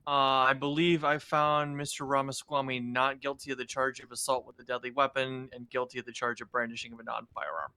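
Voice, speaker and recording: A man playing a witness in role-play court, answering in a calm, measured way. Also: mid-range voice, smooth, no room sound. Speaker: witness, a judge in the game.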